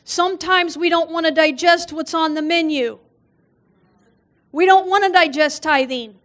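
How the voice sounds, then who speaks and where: Woman guest preacher, high voice, funny storyteller who acts out the voices in her stories. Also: measured pace, fairly bright tone. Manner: humorous storytelling, acts out quoted voices, laughs often. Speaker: guest speaker. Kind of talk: sermon with personal stories. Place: church.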